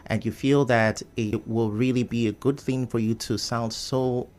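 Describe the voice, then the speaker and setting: A man's voice: mid-range voice, steady tone, a little slow, darkish tone. Man, radio studio guest, confident, explanatory. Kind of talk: live radio discussion.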